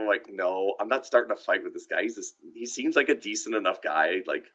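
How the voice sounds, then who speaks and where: A man's voice: fairly low pitch, lively intonation, brisk, fairly bright tone. A man casually telling a rambling story on a live stream, often restarting his sentences and laughing. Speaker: podcast co-host. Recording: dull lo-fi live stream audio.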